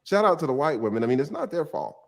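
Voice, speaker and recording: A man's voice: a little high, sing-song, fast talker, gravelly. A man, a retired defense attorney, giving joking legal commentary with laughing, playful asides.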